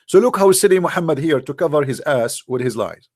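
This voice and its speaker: A man's voice: on the high side, expressive, fairly quick, darkish tone, no echo, studio quality. A man hosting a live stream, arguing emphatically and scornfully in non-native English, repeating words for effect. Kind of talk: argumentative commentary to a live chat.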